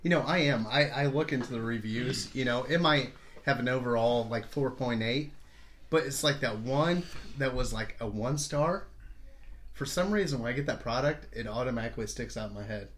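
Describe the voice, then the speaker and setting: A man in his forties chats loosely as a podcast host, wandering through his thoughts with easy swearing and frequent laughs. His voice sounds a bit worn and hoarse. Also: mid-range voice, normal speed, a bit bright, slight background noise. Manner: rambling, laughs often, swears casually. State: slightly hoarse. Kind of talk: casual chat.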